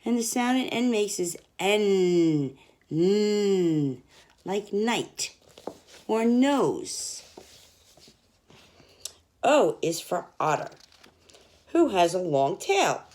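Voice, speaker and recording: A young woman teaching children, reading an alphabet picture book aloud and sounding out each letter. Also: medium pitch. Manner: slow, sounding out letters, lively sing-song.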